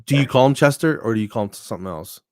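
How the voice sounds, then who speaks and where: A comedian from New Jersey, guesting in a casual chat, tells funny stories in an animated way and acts out what people said. His mid-range voice is rapid-fire, recorded with clean studio sound and no echo.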